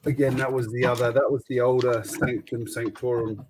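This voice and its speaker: A man's voice: medium pitch, little pitch movement, normal speed, a little hiss or hum, rough recording. A man hosting a livestream, chatting casually and matter-of-factly while building, with a dry humour. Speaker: host.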